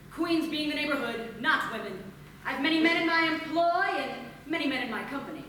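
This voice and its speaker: A woman's voice: sits high, lively intonation, normal speed, noisy background. A woman playing a haughty, self-important male duke in live improv comedy. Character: pompous male duke, landed gentry. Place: live stage. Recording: echoey stage from far off.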